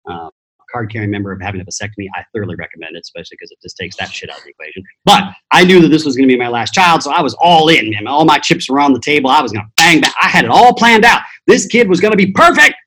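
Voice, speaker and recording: A man's voice: mid-range voice, lively intonation, racing, sharp tone, a little hiss or hum, rough recording. A middle-aged man, a podcast guest, telling personal stories in a blunt, profane motivational style. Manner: blunt, profane, acts out voices in quotes. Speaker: podcast guest, transformation teacher. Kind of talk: motivational storytelling.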